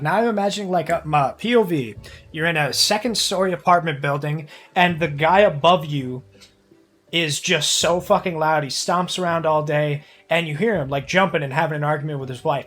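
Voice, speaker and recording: High-voiced crude young streamer. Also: male voice, fairly bright tone. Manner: rambling, crude, heavy swearing. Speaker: live streamer. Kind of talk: casual stream chat.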